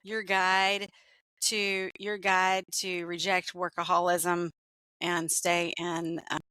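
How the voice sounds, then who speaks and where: A woman with a fairly low voice hosts a podcast in easy conversation, warmly affirming her guest as they talk. Her voice is recorded dry and close, with no room sound around it. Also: flat delivery, takes it slowly, clear, resonant tone, dry recording. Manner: encouraging, frequent affirmations. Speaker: podcast host. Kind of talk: casual interview chat. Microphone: video call.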